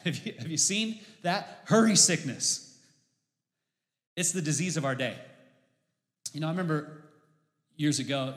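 A man's voice: medium pitch, fairly bright tone. A middle-aged man, a pastor, preaching a conversational sermon full of candid personal stories. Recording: roomy hall with faint music.

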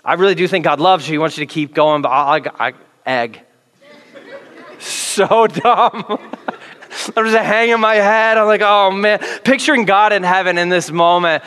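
A man who is a pastor, preaching a sermon with animated, self-deprecating storytelling. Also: sits high, a little slow, in a large hall. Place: large church auditorium.

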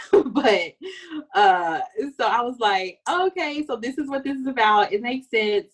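Dramatic, high-pitched woman, lively talk. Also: unhurried. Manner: expressive, dramatic, laughs a lot. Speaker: podcast co-host. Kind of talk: casual chat recapping a TV show.

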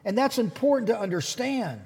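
A man preaching a sermon as lead pastor, retelling the story with animated, acted-out voices. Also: extremely high pitch, brisk, slightly rough, big-room sound.

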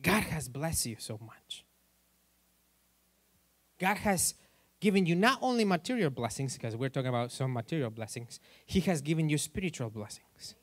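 A man's voice: a little high, expressive, moderate pace, no echo. A male pastor preaching in a church in a loose, joking way, asking the congregation questions as he goes. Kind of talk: sermon.

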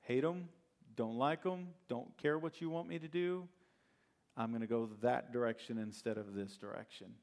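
A man's voice: mid-range voice, fairly even intonation, normal speed, a little mellow, lightly acted. A man voicing a stubborn male prophet who curtly refuses his orders. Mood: defiant. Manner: dismissive, curt.

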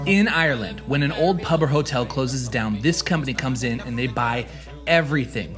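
A man hosting a travel vlog, chatty and enthusiastic as he tours a large warehouse. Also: mid-range voice. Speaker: travel vlogger.

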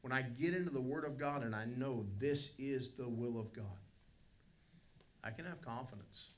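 A man's voice: medium pitch, a bit bright. A middle-aged man, a pastor, preaching a Sunday school lesson with emphatic swells of volume on key phrases.

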